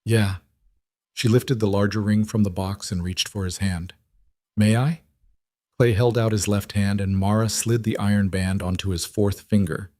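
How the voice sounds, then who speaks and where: A man narrating a scripted story in a measured, gentle way. His voice is on the low side, recorded close and dry with no room sound. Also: steady tone, dry recording.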